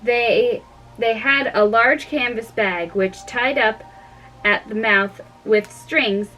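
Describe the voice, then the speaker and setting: A woman reading a storybook aloud in a measured, explaining manner. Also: fairly high pitch, sharp tone, far from the mic, low-quality recording. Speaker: reader.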